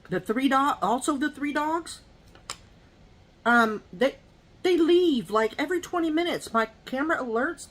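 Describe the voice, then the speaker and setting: A high-pitched woman's voice with a breathy edge belongs to a mukbang vlogger eating at home. She speaks directly to viewers in casual chat, rambling through gossipy anecdotes loaded with asides.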